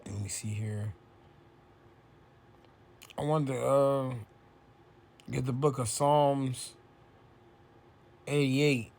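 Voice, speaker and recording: A man giving an informal bible lesson, reading verses slowly and aloud, then explaining them in loose, casual speech full of "right?" and "man.". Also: mid-range voice, steady tone, gravelly, darkish tone. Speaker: bible teacher.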